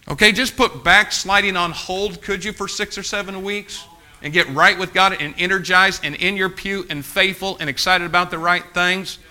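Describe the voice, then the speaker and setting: A man's voice: sits high, pushed and bright. A man preaching a sermon as pastor, urging and exhorting his congregation with fervent repetition.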